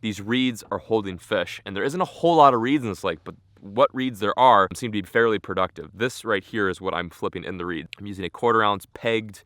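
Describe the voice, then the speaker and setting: A man vlogging while fishing from a boat on a lake, rambling casually and breaking into excited exclamations. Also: fairly low pitch, fairly quick, few pauses, no echo, studio quality. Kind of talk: casual vlog narration.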